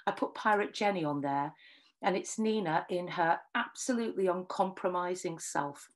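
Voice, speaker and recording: A middle-aged woman from Northwest England, a singer telling animated anecdotes and acting out the dialogue. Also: lowish voice, normal speed. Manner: lively storyteller, acts out quoted dialogue. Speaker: singer and writer giving a talk.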